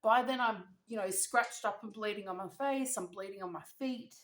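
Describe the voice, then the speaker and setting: A woman's voice: mid-range voice, normal speed, fairly bright tone. Young aussie girl doing a storytime vlog, dramatic and slangy, roomy echo. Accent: Australian. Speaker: vlogger. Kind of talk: storytime while eating. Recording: echoey room.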